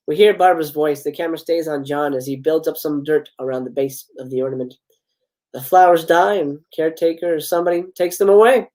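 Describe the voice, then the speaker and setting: A man's voice: on the high side, steady tone, brisk, a little mellow, poor audio. Brief: male streamer reading a screenplay live, casual, laughs at lines, trips over words. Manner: reads stage directions with chuckling asides and stumbles. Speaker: host reading film scripts. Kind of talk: live script read-aloud.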